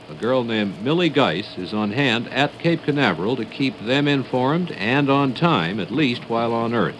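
Lively male news narrator. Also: mid-range voice, slight background noise, rough recording. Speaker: news reporter.

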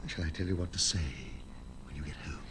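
A fussy, anxious gentleman, pleading earnestly and tripping over his words. His voice is bright and clear. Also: low-pitched, slight background noise. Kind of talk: radio play acting.

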